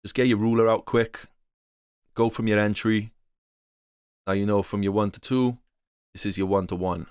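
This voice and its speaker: A man's voice: lowish voice, steady tone, normal speed, pauses often, smooth, no room sound, clean studio sound. Swearing slangy man teaching trading. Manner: profane, slangy, acts out traders' voices. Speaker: trading course instructor. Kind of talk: casual unscripted teaching.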